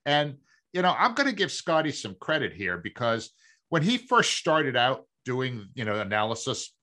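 Massachusetts guy on a sports pod, bright voice, lots of "you know". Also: medium pitch, very animated, normal speed. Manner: chatty, with frequent "you know" fillers. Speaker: podcast co-host. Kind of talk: casual sports talk.

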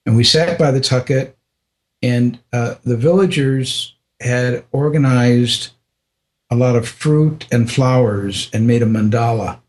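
An older man telling a personal story in an interview, halting with restarts and often dropping to a soft voice. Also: medium pitch.

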